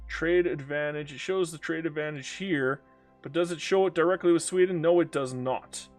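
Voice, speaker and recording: A man's voice: a little high, normal speed, faint music behind. A man giving casual live-stream commentary on a strategy game, chatty and swearing, talking back to the game and to chat.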